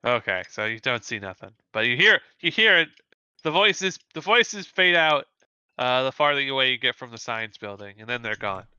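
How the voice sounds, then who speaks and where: A man's voice: medium pitch, lively intonation, moderate pace, sharp tone, smooth, no echo, muffled recording. A man narrating as game master of a tabletop game. He rambles with many fillers and corrects himself often. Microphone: remote call mic.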